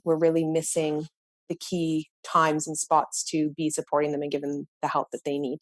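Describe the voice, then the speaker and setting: A woman educator on a podcast earnestly recounts classroom experiences, often restarting and repeating words as she reflects. Her voice is low-pitched and steady in tone, she talks at a quick pace, and the recording is dry.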